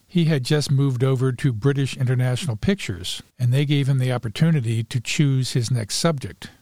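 A man reading a story aloud and narrating film history as a podcast host, in a steady, measured read. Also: mid-range voice, no echo, studio quality. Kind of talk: scripted narration.

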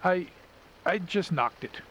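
Man doing a nervous stammering captain, hurried. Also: high-pitched, animated, a bit bright, slight background noise, voice pushed up, heavily acted, rough recording. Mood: flustered.

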